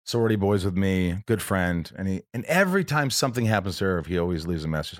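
A man with a very low, deep voice hosts a podcast, recorded close and dry. He talks casually and earnestly, rambling through a personal story with an emotional edge and frequent restarts. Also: animated, fast talker, hardly any pauses, no room sound. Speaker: podcast host.

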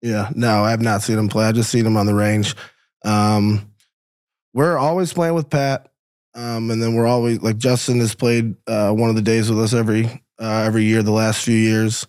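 Halting, rambling man chatting on a podcast. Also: fairly low pitch, flat delivery, darkish tone, smooth. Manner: rambling, halting, repeats words. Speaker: podcast guest, golf caddy. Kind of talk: casual chat. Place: podcast studio.

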